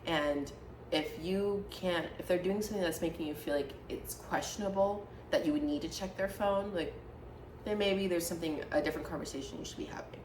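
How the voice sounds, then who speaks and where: A woman's voice: lowish voice, a little fast, a little mellow, recorded from a distance. A young woman co-hosting a podcast in casual chat, chatty and opinionated, often breaking into laughter. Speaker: podcast co-host. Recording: roomy echo, off-mic, light room noise.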